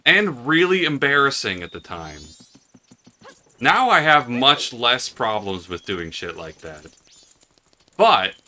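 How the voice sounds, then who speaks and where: A young man co-hosting a game playthrough, swearing freely and telling stories in a sardonic, animated way. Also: medium pitch, takes it slowly, pauses often, a little hiss or hum. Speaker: let's play co-host. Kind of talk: casual gaming chat.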